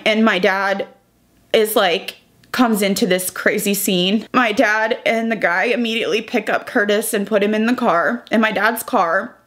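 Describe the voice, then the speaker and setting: A woman's voice: medium pitch, a bit bright. A young woman vlogger, crying as she talks through a painful personal update. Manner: tearful, breaking up while retelling. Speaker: beauty vlogger. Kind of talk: emotional personal vlog.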